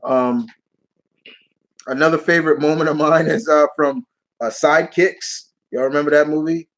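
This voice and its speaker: A man's voice: a little high, steady tone, normal speed, rough recording. A man hosting a live Q&A stream, answering viewer questions in a rambling, casual way and laughing as he retells movie scenes.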